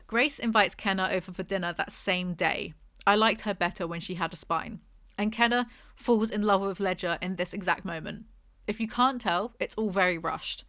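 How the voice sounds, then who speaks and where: A woman's voice: lowish voice, a little fast, bright, forceful tone, dry recording, clean studio sound. A young woman reviewing a book with snarky, exasperated, mocking commentary.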